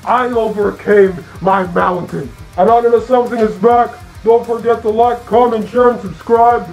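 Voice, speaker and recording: Guy with a pretty high voice ranting slow and mad, cussing a lot, faint music behind. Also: steady tone, darkish tone, dull audio. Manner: angry, profane, declamatory; short repeated phrases, halting restarts. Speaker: online channel host. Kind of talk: in-character online lore rant.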